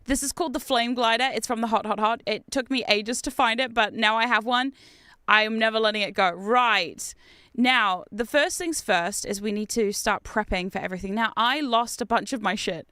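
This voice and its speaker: An Australian woman streaming a game, chatting casually with viewers in an excitable, talkative way and laughing often. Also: on the high side, moderate pace, dry recording, clean studio sound. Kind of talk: casual gameplay chat with viewers.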